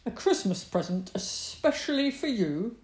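A woman voicing a grumpy male badger in a storybook, gruff and blunt but kind. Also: fairly high pitch, very animated, a little slow, a little mellow, voice pushed up. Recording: roomy echo.

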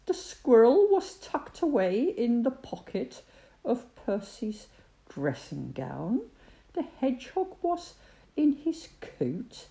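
Slow, expressive woman reading a children's story. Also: fairly high pitch, gravelly. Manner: expressive, sing-song.

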